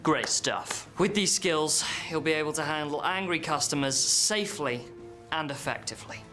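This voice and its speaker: A brisk adult trainer giving orders in a flat, deadpan way, as a child acts the part. Clear music plays under the sketch. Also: mid-range voice, natural voice. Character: stern adult customer-service course trainer. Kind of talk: sketch comedy acting.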